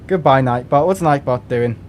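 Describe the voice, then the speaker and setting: A man's voice: medium pitch, normal speed, slight background noise. A man from England chatting casually and rambling on a live game stream from home, with lots of restarts and fillers.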